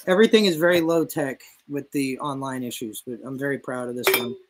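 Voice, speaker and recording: A man's voice: medium pitch, a little fast, background noise. A man on a casual podcast telling a long, profanity-laced anecdote in a rambling way. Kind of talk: casual storytelling chat.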